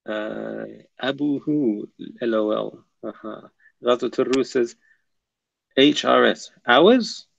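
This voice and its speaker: A man with a gravelly, creaky voice hosts a casual livestream from his desk. He mutters to himself while setting things up and chats with viewers between comments. The recording is dry and dull, with a lo-fi edge. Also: medium pitch, takes it slowly, no room sound. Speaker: livestream host.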